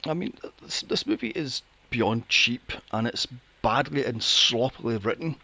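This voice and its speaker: A man's voice: mid-range voice, measured pace, gravelly, pushed and bright, no room sound. A man hosting a casual film review podcast, sarcastic and swearing freely. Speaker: podcast host.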